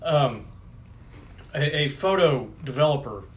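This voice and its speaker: A man co-hosting a casual podcast, a little tipsy, talking haltingly with restarts, recorded on a phone. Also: fairly high pitch, lively intonation. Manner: halting, many restarts and fillers. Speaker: podcast co-host. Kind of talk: casual chat.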